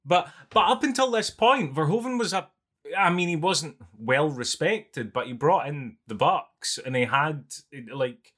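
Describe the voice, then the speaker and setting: A man co-hosting a casual film podcast, making dry, sarcastic remarks in a deadpan way. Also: fairly high pitch, measured pace. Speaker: podcast co-host.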